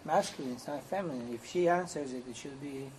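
A man in a class hesitantly questioning a point of grammar, halting with fillers. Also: fairly high pitch, darkish tone, a little hiss or hum, rough recording. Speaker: student.

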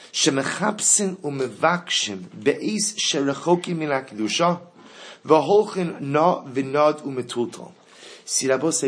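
A man teaching a Torah lesson to a class. He asks the students questions and repeats the key phrases. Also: mid-range voice.

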